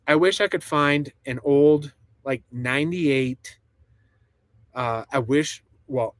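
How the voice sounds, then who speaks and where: A man's voice: medium pitch, takes it slowly, no room sound. A man rambling and laughing through a casual live stream from inside a truck camper, reading chat comments aloud. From United States.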